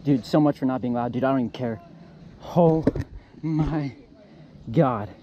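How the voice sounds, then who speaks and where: A young man filming himself fishing outdoors, excitedly narrating his catches and repeating exclamations as he reels them in. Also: mid-range voice, moderate pace, dull audio, slight background noise. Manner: excitable, repeats exclamations while reeling in fish. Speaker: fishing vlogger. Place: outdoors by the water.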